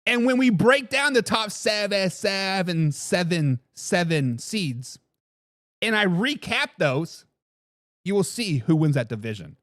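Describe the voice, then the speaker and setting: Brash male sports talk host, high voice, dry close sound, answers live chat. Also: very animated, slow pace, a bit bright, no echo.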